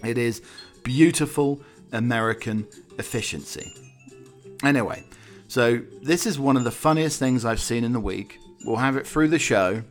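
Over soft background music, a male radio show host reads odd news stories at a moderate pace in a medium-pitched voice. His chatty banter is full of rambling asides, chuckles, and filler-heavy tangents.

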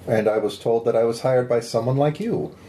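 A man's voice: medium pitch, brisk, warm tone, close to an everyday voice. A man voicing a hired tracker who talks business in a dry, matter-of-fact way. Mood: businesslike.

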